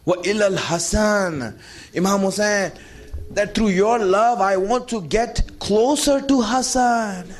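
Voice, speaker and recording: A man's voice: sits high, slow, faint music behind. A man delivering an emotional religious sermon, pleading with his listeners and moving between storytelling and impassioned cries. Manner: storytelling, addresses audience as friends. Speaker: preacher.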